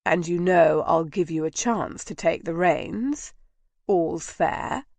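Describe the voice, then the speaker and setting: Woman voicing a soft-spoken commanding nobleman. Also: on the low side, slow pace, vocal fry, no echo. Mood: low, intimate. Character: male nobleman lover, tender and commanding.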